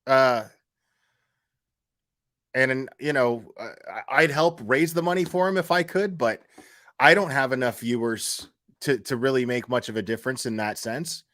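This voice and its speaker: A man's voice: medium pitch, moderate pace, fairly bright tone. A man hosting a casual commentary stream, talking bluntly with lots of fillers, restarts and swearing, sounding exasperated. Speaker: YouTube commentary host.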